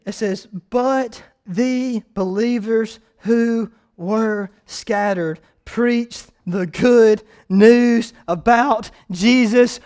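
A man preaching a sermon, retelling a story with dramatic swings between shouting and hushed, quiet passages. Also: high-pitched, smooth.

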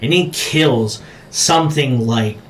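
A man co-hosting a podcast, talking casually about horror movies, swearing a lot and acting out scenes with sudden shouts. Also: mid-range voice, slow, slight background noise. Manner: profane, animated storytelling with acted-out shouts. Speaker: podcast co-host.

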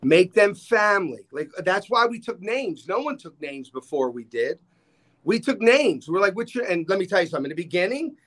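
A man, telling stories as a podcast guest and acting out the people he quotes. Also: high voice. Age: 60s. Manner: animated storyteller, acts out quoted dialogue. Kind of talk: casual storytelling chat.

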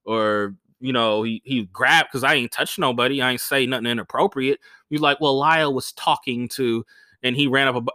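Animated, bright-voiced male comedian storyteller. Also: normal speed, no echo, clean studio sound. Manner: animated, swears freely, acts out quoted voices with big pitch jumps. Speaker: stand-up comedian telling gig stories. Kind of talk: casual podcast storytelling.

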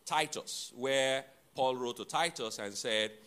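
A man preaching a sermon to his congregation, teaching deliberately, repeating and spelling out key words, with playful asides to the listeners. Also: mid-range voice, sharp tone, smooth. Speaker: pastor.

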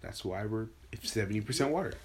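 A man's voice: on the low side, expressive, quick pace, crowd noise. A man hosting a casual podcast chat, goofy and rambling, stumbling over his words. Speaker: podcast host.

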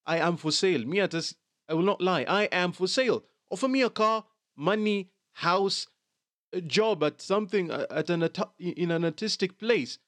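A man's voice: high voice, expressive, moderate pace, fairly bright tone, dry recording, studio quality. A man giving casual commentary on celebrity gossip, chatty and dropping Swahili slang into his English.

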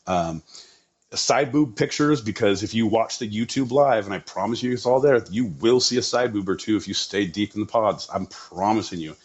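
A low-voiced man co-hosting a comedic podcast, teasing and swearing as he riffs. His audio is dull and lo-fi. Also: normal speed. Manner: teasing, profane, riffing jokes. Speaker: podcast co-host. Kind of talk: casual comedic chat. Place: home setup in Southern California.

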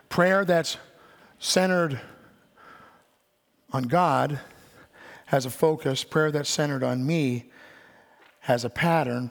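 A man's voice: medium pitch, vocal fry. An older man preaching a sermon, telling stories and acting out the voices of the people he quotes. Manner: animated storytelling, acts out quoted voices. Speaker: pastor. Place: church sanctuary. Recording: church hall with long reverb.

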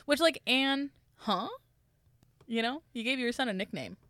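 A woman's voice: a little high, a little slow, pushed and bright, dry recording, clean studio sound. A woman in her twenties co-hosting a podcast, rambling and giggling through casual chat and swearing freely. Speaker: podcast co-host.

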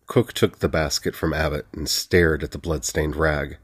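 A man narrating a fantasy audiobook in an even, steady reading. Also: very deep voice, moderate pace, slightly rough.

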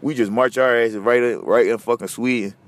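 A man hosting a podcast, ranting casually and profanely, veering from loud outbursts to low muttering. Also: fairly even intonation, fairly quick. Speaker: podcast host. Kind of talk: casual solo rant.

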